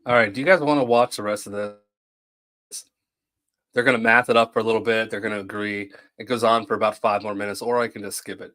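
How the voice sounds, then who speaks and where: A man's voice: on the low side, fairly even intonation, fast, fairly bright tone. A man hosting a livestream, commenting casually and joking while he thanks viewers. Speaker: host.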